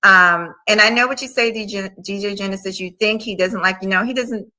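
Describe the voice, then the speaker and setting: A woman's voice: medium pitch, a little fast, bright, forceful tone, poor audio. A woman hosting a livestream interview in casual chat, talking to her viewers as y'all. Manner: chatty, addresses viewers as y'all. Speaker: livestream host.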